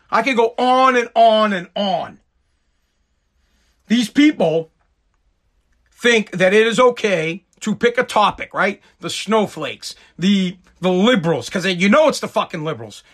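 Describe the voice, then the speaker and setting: A man from the United States delivers a profane live-stream rant in a strikingly high voice. His tone is sharp and bright. He is sarcastic and mocking the whole way through.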